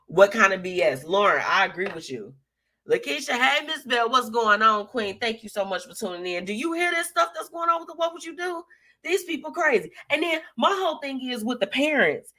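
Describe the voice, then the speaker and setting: A woman's voice: fairly high pitch, very animated, brisk, sharp tone. A young woman hosting a live show, chatting casually and sassily while reading out viewer comments, with lots of slang and laughter.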